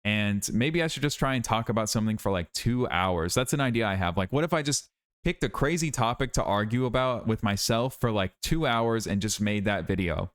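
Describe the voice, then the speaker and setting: Worn-out young male YouTuber with a fairly low voice, venting in a rambling, self-critical vlog monologue. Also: expressive, a little fast. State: tired, worn out.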